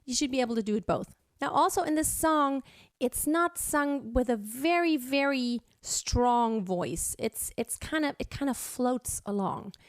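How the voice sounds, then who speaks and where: A woman's voice: sits high, lively intonation, normal speed, no echo, clean studio sound. A woman teaching singing, explaining technique and breaking into short sung examples. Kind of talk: vocal lesson with sung demonstrations.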